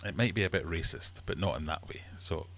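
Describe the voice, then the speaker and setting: A man hosting a casual livestream from his fish room, chatty and quick to laugh while telling jokes. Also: sits low, fairly bright tone. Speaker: livestream host.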